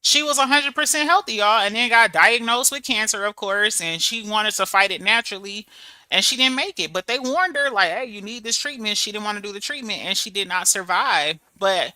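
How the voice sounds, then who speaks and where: A woman in her thirties chatting casually to her viewers, telling stories in a lively, animated way. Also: mid-range voice, a little fast, dry recording. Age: 30s. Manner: chatty, storytelling, animated with laughs and quoted voices. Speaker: channel host. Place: abroad in Germany.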